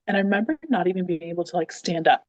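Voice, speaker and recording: A woman's voice: lowish voice, rapid-fire, no room sound, muffled recording. Chatty woman telling a story. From Canada. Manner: animated, says "like" a lot, acts out quotes. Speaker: guest. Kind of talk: casual storytelling.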